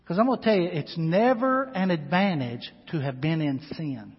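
A man preaching a sermon in a church, telling a personal story and swinging between hushed asides and loud, rising exhortation. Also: a little high, moderate pace, hardly any pauses, breathy edge. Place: church sanctuary. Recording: long hall reverb, dull lo-fi sound.

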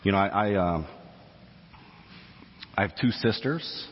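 A man's voice: fairly low pitch, animated, unhurried, slightly rough, in a large hall, muffled recording. A man in his forties preaching a sermon, chatty and self-deprecating, reading scripture aloud. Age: 40s. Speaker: pastor. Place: church sanctuary.

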